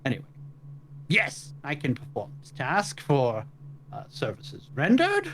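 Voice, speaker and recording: A man's voice: huge pitch swings, measured pace, a bit bright, exaggerated voice. A man voicing a scheming male lich who talks in a wheedling, placating way. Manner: wheedling, placating, high-pitched.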